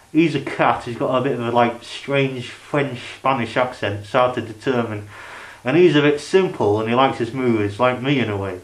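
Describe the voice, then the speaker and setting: A man, rambling through a casual review vlog of his DVD collection and leaning on "you know" and "like" fillers. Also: mid-range voice. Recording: echoey room.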